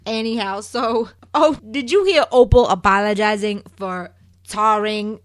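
Opinionated chatty woman hosting a recap show, mid pitch, dry close sound. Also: a little slow, dry recording. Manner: chatty, animated, opinionated, addresses listeners as "people". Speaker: soap opera recap host. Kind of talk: casual chat.

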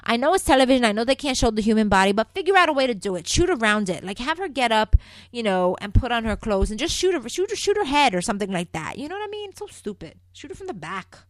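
A woman's voice: fairly high pitch, very animated, fast, no echo. Chatty, opinionated woman recapping a soap. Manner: chatty, opinionated, keeps calling listeners "people"; swings between loud emphatic bursts and quiet asides. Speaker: podcast host recapping a soap opera. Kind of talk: casual solo recap show.

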